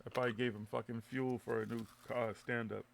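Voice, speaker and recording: Brief: male host of a live web radio show, gravelly mid-pitched voice, rambling, profane, restarts a lot. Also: flat delivery, fast, noisy background. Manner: loose, swearing, laughing, stumbling restarts. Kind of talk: casual live show banter.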